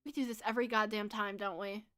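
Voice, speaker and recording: A woman's voice: medium pitch, steady tone, fast talker, fairly bright tone. A young woman chatting casually with her viewers while playing a game, giggly and full of fillers. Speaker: game streamer. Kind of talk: casual chat while gaming.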